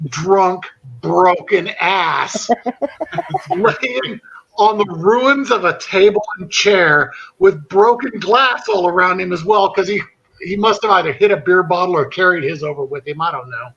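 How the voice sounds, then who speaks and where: This male podcast host has a high, creaky voice and speaks a bit slowly, animatedly recounting a lengthy humorous anecdote and repeatedly cracking up. The audio lacks high frequencies and carries slight background noise.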